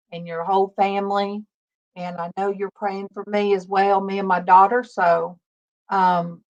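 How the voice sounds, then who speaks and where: Slow-talking Southern woman in her fifties. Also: mid-range voice, lo-fi sound. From Alabama, US South. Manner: slow, soft-spoken, greets viewers by name. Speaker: livestream host. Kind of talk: casual livestream chat.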